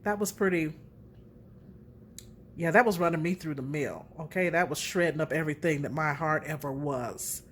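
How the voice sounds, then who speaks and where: A middle-aged woman hosting a casual relationship talk, candid and animated as she tells her own story. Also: low-pitched, normal speed, a little hiss or hum.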